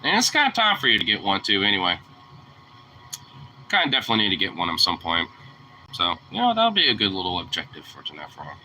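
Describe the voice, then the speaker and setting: A man's voice: on the low side, huge pitch swings, fast, pauses often, sharp tone, slight background noise, poor audio. A young man talking casually to his dog, teasing it, laughing often and swearing freely. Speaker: vlogger.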